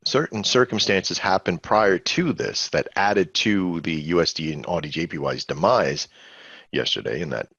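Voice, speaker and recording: A man's voice: low voice, moderate pace, a bit bright, breathy edge, dull audio. A man hosting a live trading webinar, talking in a rambling, conversational way and quizzing his audience. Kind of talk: casual live webinar teaching.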